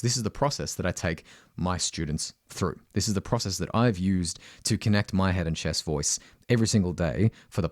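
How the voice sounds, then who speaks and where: A middle-aged Australian man teaching singing, talking directly and often asking "right?", breaking into loud high sung demonstrations. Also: no echo, studio quality.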